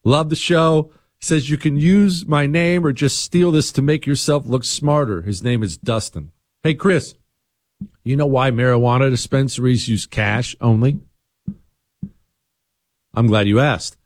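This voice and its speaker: A man's voice: mid-range voice, a little slow, no room sound, clean studio sound. A middle-aged man hosting a talk radio show, sarcastic and teasing in his asides.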